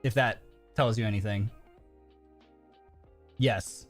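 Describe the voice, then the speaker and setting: Taking it slowly in a lowish, steady voice, a man chats casually on his live stream as a virtual streamer. He rambles with heavy fillers, sounding nervous, earnest and openly emotional, over faint background music.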